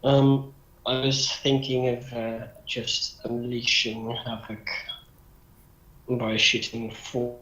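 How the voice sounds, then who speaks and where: A man playing in a tabletop game over voice chat, deliberate and hesitant as he works out his moves. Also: mid-range voice, flat delivery, a bit bright. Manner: slow, deliberate, hesitant with fillers. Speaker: player. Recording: echoey room on voice-chat mic.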